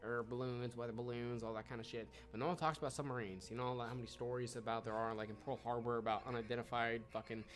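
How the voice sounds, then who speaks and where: A man co-hosting a casual podcast, swearing often and breaking into loud laughing outbursts. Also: medium pitch, little pitch movement, fast, few pauses. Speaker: podcast co-host. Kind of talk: casual chat.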